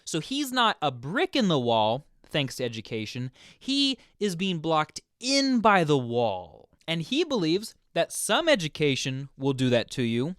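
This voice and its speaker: A man hosting his own channel, explaining a song's meaning in a casual, chatty way, full of "like" and quick asides. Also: a little high, dry recording, studio quality. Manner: chatty, filler-heavy, animated. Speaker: music explainer host. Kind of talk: casual explanatory video commentary.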